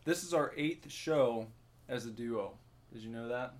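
Young ohio dude cohosting, dry and easygoing, munching pizza. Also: male voice, mid-range voice, a little slow. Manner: easygoing, dry, eats while talking. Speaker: podcast co-host. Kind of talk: casual chat.

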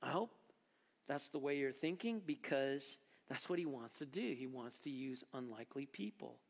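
A man's voice: medium pitch, animated, moderate pace, creaky, in a large hall. A man preaching a sermon as pastor, conversational and then rising to emphatic questions.

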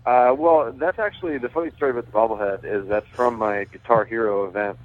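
A man's voice: medium pitch, brisk. Man talking over a tinny phone line. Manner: chatty, self-correcting, laughs while talking. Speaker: guest, pitcher and race team owner. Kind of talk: phone interview, casual storytelling.

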